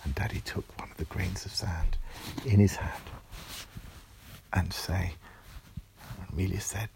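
Storyteller for bedtime, very low, gravelly and breathy, hushed delivery. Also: male voice, steady tone, unhurried, long pauses, a little hiss or hum. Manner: soft, hushed, lulling. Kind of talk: bedtime story, often whispered.

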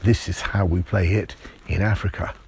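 Man doing a calm talking meerkat. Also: low-pitched, moderate pace, creaky, slightly rough, heavily acted. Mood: matter-of-fact. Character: matter-of-fact talking meerkat from Africa.

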